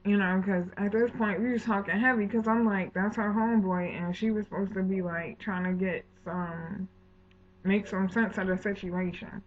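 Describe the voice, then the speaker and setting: A woman recounts a personal drama for her storytime vlog, heated and indignant, breaking into slang and quoted back-and-forth. Her voice sits at an ordinary middle pitch and comes through thin and tinny, as if over a phone line. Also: steady tone, moderate pace. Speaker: vlogger.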